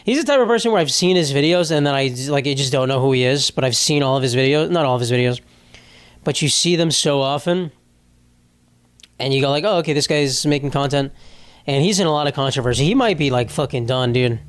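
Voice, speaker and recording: A man's voice: medium pitch, fast, clear, resonant tone. A young man hosting a casual solo podcast, rambling and joking with plenty of swearing. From United States. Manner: rambling, profane, jokey. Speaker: podcast host.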